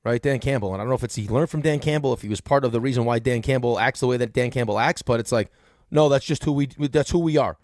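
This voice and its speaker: A man with a New York accent talks sports on the radio, piling up fillers as he rambles. He speaks fast with a medium pitch. The sound is dry and close to the mic. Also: darkish tone, no echo. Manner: rapid, rambling with many fillers. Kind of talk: casual sports talk.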